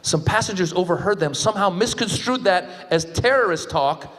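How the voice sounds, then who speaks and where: High-voiced man doing animated stand-up. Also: normal speed. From Middle East. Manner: animated, jumps into exaggerated voices. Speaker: stand-up comedian. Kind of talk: stand-up comedy set. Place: comedy club stage. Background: audience laughter.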